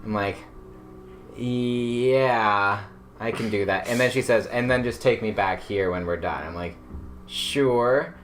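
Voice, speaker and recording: Bright-voiced young man telling a story. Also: fairly low pitch, brisk, few pauses, soft background music. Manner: rambling, filler-heavy, laughs through the tale. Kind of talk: casual chat, telling a personal story.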